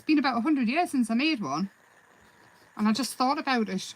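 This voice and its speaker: A woman with a slightly high voice hosts a live craft session. She chats casually and rambles a little, breaking off to answer viewers' comments. Her tone stays relaxed and self-deprecating. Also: normal speed, no echo, low-quality recording. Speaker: craft livestream host. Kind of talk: live craft demonstration and chat.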